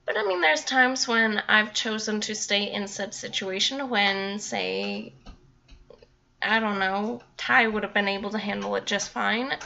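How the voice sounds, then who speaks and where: A young woman with a bright, forward voice chats to her viewers in a loose, rambling way, laughing now and then. The recording is a bit dull and lo-fi. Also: medium pitch, gravelly. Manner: rambling, chatty, laughs often. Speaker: vlogger. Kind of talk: casual talk to camera.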